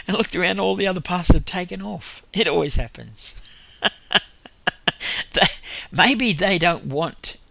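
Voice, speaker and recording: A man's voice: high voice, animated, unhurried, vocal fry, pauses often, pushed and bright, no room sound. A man preaching in an informal testimony style, telling rambling stories with frequent chuckles.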